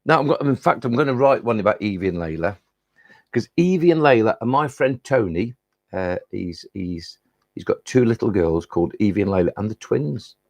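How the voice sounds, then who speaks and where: A man with a gravelly, husky voice reads comic rhyming poems for children and chats between them in a friendly, rambling way. His voice is at an ordinary pitch, and the recording is dry and close. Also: expressive, normal speed, no echo. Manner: rambling, friendly asides with many restarts. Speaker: children's poet hosting a live stream. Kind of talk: casual chat and comic poem reading.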